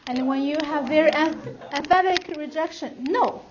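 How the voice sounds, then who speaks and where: A woman's voice: sits high, moderate pace, a crowd in the background. A woman teaching a class how to pronounce tones, drawing out and singing vowel sounds to show each one. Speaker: language teacher. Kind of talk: classroom instruction. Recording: lo-fi classroom recording with clear noise.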